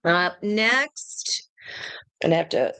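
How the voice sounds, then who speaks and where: A woman's voice: fairly low pitch, lively intonation, takes it slowly, bright, forceful tone, clean tone, dry recording. A woman doing a live tarot reading, thinking aloud in a chatty way, laughing often and swearing casually. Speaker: tarot reader.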